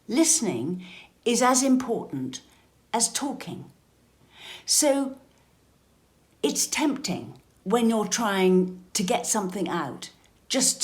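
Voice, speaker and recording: A British woman coaching step-parents in a calm, measured, gently instructive advice talk. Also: medium pitch.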